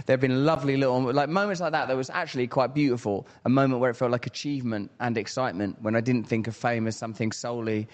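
A man from England, chatting as a guest in a relaxed, rambling, reflective way with many fillers. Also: medium pitch, fast talker, hardly any pauses. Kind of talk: casual interview chat.

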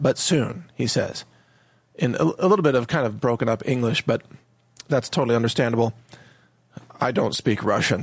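A man's voice: medium pitch, creaky, husky, dry recording. A man giving a casual, opinionated monologue on world affairs, mocking how others pronounce place names. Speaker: political commentator.

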